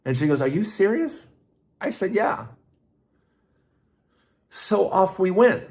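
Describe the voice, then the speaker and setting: A middle-aged man hosting his own podcast, telling a personal story in a rambling, casual way with restarts and lively asides. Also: medium pitch. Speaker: podcast host.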